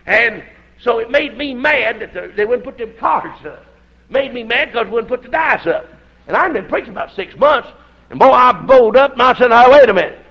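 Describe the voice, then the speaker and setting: Animated older preacher, gravelly. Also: male voice, extremely high pitch, moderate pace, lo-fi sound. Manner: folksy, animated storytelling with shouted outbursts. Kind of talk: storytelling sermon.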